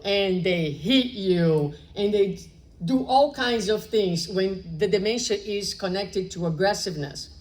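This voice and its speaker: A woman's voice: medium pitch, a little mellow. A woman giving a public spiritual lecture, reflective and often checking in with her listeners. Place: spiritist center meeting room.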